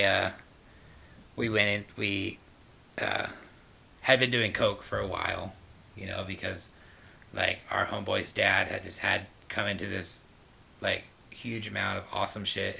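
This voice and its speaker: A man's voice: fairly low pitch, creaky, pushed and bright, a little hiss or hum, poor audio. A man frankly telling the story of his past drug use, rambling with fillers and restarts. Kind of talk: candid personal storytelling.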